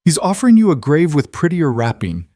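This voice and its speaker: A man's voice: fairly low pitch, expressive, normal speed, no echo, studio quality, lightly acted. A man voicing a ruthless male mafia boss, speaking coldly and tightly. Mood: cold guarded. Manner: cold, tight.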